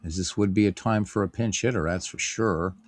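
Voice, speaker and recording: Hosting a stream, this middle-aged man calls a tabletop baseball game play by play in a low-pitched voice, talking fairly quickly. The recording is dry and studio-clean. He's chatty and filler-heavy, reading out viewer comments and responding to them.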